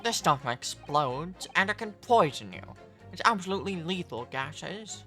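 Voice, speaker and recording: Pompous middle-aged male juror in a game, voiced by a woman: deliberate, stiff, bright-edged delivery. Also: lowish voice, sing-song, faint music behind, voice pushed down, full character voice. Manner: slow, stiff and self-important.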